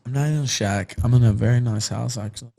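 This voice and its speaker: A man's voice: mid-range voice, fast talker, gravelly, mellow, dry recording, studio quality. Angry, swearing man on the defensive. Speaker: livestream guest. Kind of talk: heated argument on a livestream.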